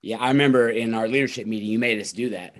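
A man's voice: lowish voice, steady tone, fast. A man hosting a podcast in casual conversation, enthusiastic and agreeable toward his guest. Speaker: podcast host.

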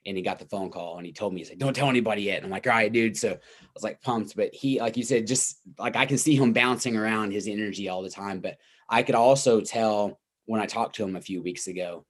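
Low-voiced laid-back male host. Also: quick pace, husky. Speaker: podcast host and coach. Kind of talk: casual interview.

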